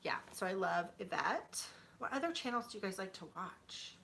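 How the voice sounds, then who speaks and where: A woman's voice: medium pitch, expressive, moderate pace, gravelly, a bit bright, slight background noise. A woman in her thirties chatting casually with viewers at home, rambling with many fillers. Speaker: YouTuber. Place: home, sitting on a bed.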